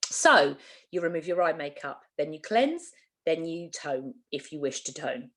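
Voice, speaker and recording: A woman from Britain with a slightly low voice runs a skincare training session. She talks in a chatty, emphatic way, stressing key points and going back over them so nobody misses them. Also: sing-song, unhurried, fairly bright tone. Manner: chatty, emphatic, repeats herself for clarity. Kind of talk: training talk.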